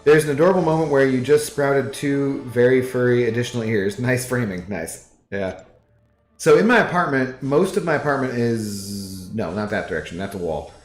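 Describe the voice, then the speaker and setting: This man's voice is medium-pitched and animated, at a moderate pace. He's gaming on a live stream from his apartment living room, chatting loosely and reading the chat out loud, while a roomy echo and faint music color the recording.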